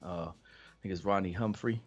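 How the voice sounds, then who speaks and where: A man's voice: sits low, moderate pace, highs cut off. A man hosting a casual chat, telling a story with laughter and acting out quoted voices. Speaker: podcast host.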